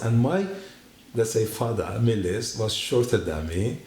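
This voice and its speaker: A man giving his personal testimony at a church, telling his story in an animated way and acting out the dialogue. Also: medium pitch, moderate pace. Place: church hall. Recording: echoey room.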